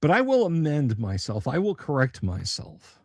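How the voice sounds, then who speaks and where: A man's voice: fairly high pitch, wildly swooping pitch, moderate pace, vocal fry, a little mellow, no echo, studio quality. A man hosting a casual livestream chat for his tabletop gaming channel, blunt, sarcastic and profane.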